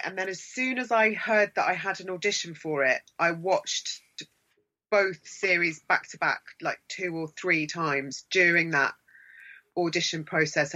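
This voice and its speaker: A woman's voice: sits low, pushed and bright, highs cut off. A woman from Sussex, an actress guest chatting enthusiastically in an interview, rambling with restarts. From Sussex, England. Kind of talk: casual interview chat.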